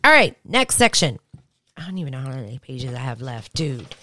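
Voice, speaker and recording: Low-voiced, lively woman podcaster. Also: moderate pace, dry recording. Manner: lively, earnest, rambling with restarts. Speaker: podcast host. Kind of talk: casual podcast monologue.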